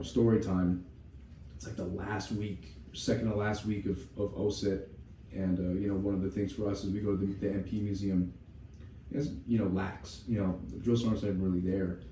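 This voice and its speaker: A man's voice: on the low side, dark tone. A man co-hosting a podcast, telling a rambling, profane story with many "you know" asides. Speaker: podcast co-host. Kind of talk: casual podcast chat, storytelling. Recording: roomy room, distant mic, faint hum.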